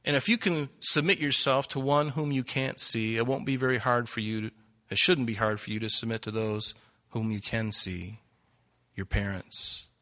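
A man's voice: medium pitch, fairly even intonation, moderate pace, pushed and bright. A man preaching a sermon, reading scripture aloud and pressing his listeners with emphatic rhetorical questions. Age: adult. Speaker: pastor.

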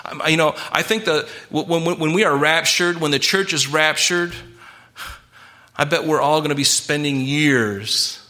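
A man's voice: on the high side, normal speed, pushed and bright. A man preaching a sermon, earnest and emphatic, with frequent restarts and repeated words. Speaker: pastor.

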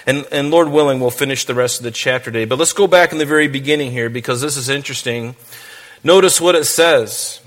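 Male pastor, conversational teaching sermon with quips; slows down for scripture readings. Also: mid-range voice, a bit bright. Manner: conversational, joking asides, reads scripture aloud slowly. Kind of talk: verse-by-verse sermon.

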